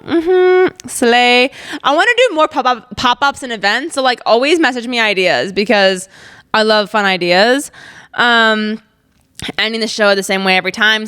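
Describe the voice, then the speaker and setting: A woman's voice: on the high side, bright, forceful tone, clear, resonant tone. Chatty young woman podcast host. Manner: chatty, upbeat, lots of "like" and "um", laughs while telling stories. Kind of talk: casual faith-based podcast chat.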